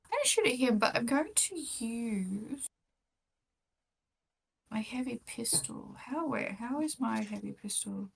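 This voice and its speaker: A woman playing a tabletop role-playing game, chatting casually and cheering loudly at good rolls. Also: fairly high pitch, creaky, slight background noise. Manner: excited, quick to cheer. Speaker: player.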